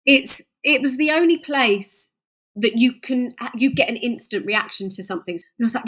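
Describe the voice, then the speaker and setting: Woman, podcast guest, casual chat, slightly high voice, laughs a lot. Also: moderate pace. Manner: chatty, laughs often, animated retelling.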